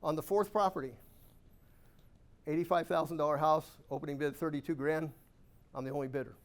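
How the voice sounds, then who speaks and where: A man with a somewhat high voice gives a storytelling keynote to a live audience. His delivery is animated and self-amused, full of rhetorical questions and punchy asides. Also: a little fast. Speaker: guest speaker at a real estate investor club.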